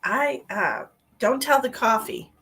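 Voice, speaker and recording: A woman's voice: fairly high pitch, expressive, slow pace, sharp tone, breathy edge. A woman, a psychic medium, chatting casually on her live stream, greeting viewers by name and rambling through small talk.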